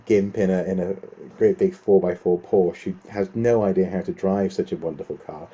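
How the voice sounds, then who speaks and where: A man's voice: low voice, fairly even intonation, normal speed, warm tone, husky. A man co-hosting a podcast, chatting in a joking, casual way with fillers. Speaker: podcast co-host. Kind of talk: casual discussion.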